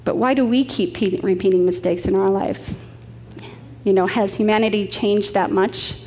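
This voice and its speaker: A woman's voice: medium pitch, fairly even intonation, moderate pace, a little mellow, long reverb tail, slight background noise. A middle-aged woman preaching a sermon, telling stories in a chatty way with light laughs.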